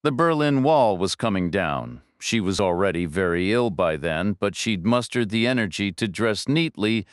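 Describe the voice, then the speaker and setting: A man narrating a thriller audiobook in first person, measured, low-key and dry. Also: lively intonation, dry recording.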